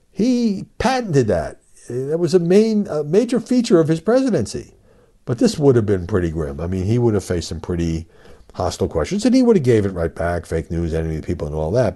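Older man, podcast host, deep voice, mellow tone, chatty commentary with ums and pointed questions. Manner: conversational, with fillers and emphatic rhetorical questions.

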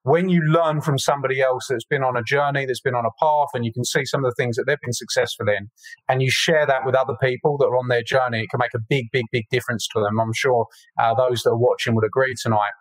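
A man's voice: mid-range voice, fairly even intonation, fast, dry recording, poor audio. A man hosting a podcast interview in a chatty, encouraging way with many fillers. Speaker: podcast host.

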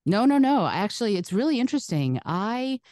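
A woman from the Soviet Union, native Russian speaker, speaking broadcast-style American English as an interview guest, chatty and animated, laughing often. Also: mid-range voice, a little fast, no echo, studio quality. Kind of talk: casual interview storytelling.

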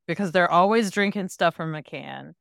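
A woman's voice: lowish voice, normal speed, vocal fry, a bit bright, clean tone, dry recording, clean studio sound. A woman on a podcast telling stories in casual chat, laughing easily.

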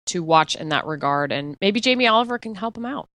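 A woman's voice: fairly low pitch, expressive, a little fast, fairly bright tone, no echo. A woman hosting a casual marketing podcast, reacting briefly and steering the talk. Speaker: podcast host. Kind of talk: casual chat.

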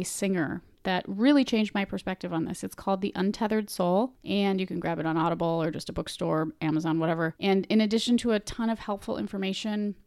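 A woman explains meditation in an easygoing, earnest way. She chats along, trips over her words and circles back to repeat them. Her voice sits at an ordinary pitch in a dry, close recording with no room sound. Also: a little mellow, smooth, no echo. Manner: earnest, chatty, frequent restarts and repeated words. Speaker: meditation vlogger. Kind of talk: casual explanatory talk.

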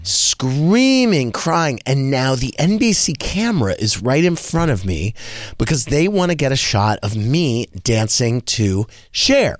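A man hosting a radio talk show, telling a story in a casual, animated way and acting out the people he quotes. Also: measured pace, no echo, clean studio sound. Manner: animated, acts out quoted voices in a higher pitch. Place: radio studio.

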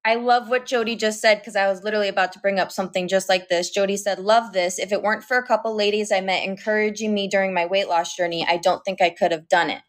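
A young woman in her twenties co-hosting a casual live-stream chat, telling stories in an excited, emphatic way. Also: medium pitch, fast, hardly any pauses. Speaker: co-host.

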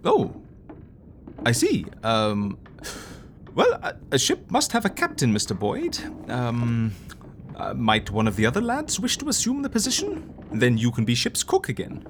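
An actor playing a fussy, refined gentleman who murmurs while he eats and talks in a pompous, genteel way. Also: medium pitch, huge pitch swings, a little slow, slight background noise. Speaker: interviewer.

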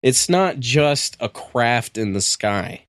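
A man's voice: mid-range voice, expressive, takes it slowly, fairly bright tone, dry recording, studio quality. A man hosting a podcast who argues his view hesitantly and often restarts his sentences. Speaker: podcast host. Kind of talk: casual podcast chat.

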